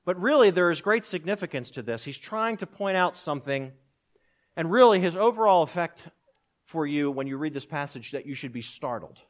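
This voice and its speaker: A man with a slightly high voice preaching a sermon. He pushes up loud and high when he voices the questions of the scripture, then drops low and quiet to drive a point home. His delivery is earnest and dramatic. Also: lively intonation, fairly quick. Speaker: pastor.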